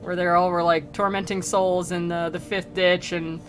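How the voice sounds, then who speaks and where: A woman's voice: on the low side, little pitch movement, normal speed, soft background music. Giggly young woman streamer, bubbly chat. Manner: bubbly, giggly, full of likes, acts out characters in silly voices. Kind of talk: casual comedic chat about a classic poem. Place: home streaming setup.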